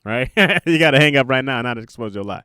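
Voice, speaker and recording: A young man hosting a podcast, talking through a casual confessional monologue in an animated, jokey way and laughing at himself. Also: medium pitch, quick pace, clear, resonant tone, dry recording, clean studio sound. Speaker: podcast host.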